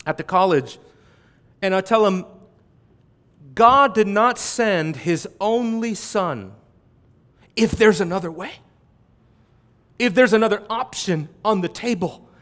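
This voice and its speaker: A middle-aged male preacher delivering an expository sermon, moving from quiet reflection to loud, emphatic exhortation. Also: sits high, lively intonation, slow pace, pauses often.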